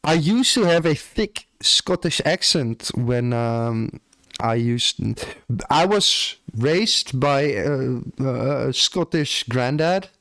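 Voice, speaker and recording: A man's voice: medium pitch, fairly bright tone, no echo, studio quality. A young man with an Australian accent chatting casually on a live stream, swearing offhandedly and tacking "bro" onto his lines. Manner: laid-back, swears casually, often ends lines with "bro".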